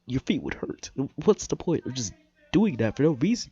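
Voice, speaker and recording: A man's voice: mid-range voice, big pitch swings, normal speed, warm tone, husky, no room sound. A young man giving blunt, mocking reaction commentary and swearing freely. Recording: dull lo-fi mic.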